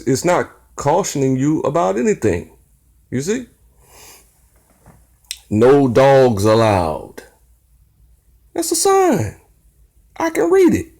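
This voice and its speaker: A man's voice: on the high side, a little mellow. A man hosting his own channel, teaching viewers in a casual livestream and peppering them with rhetorical questions. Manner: teasing, talks straight to chat viewers. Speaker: channel host.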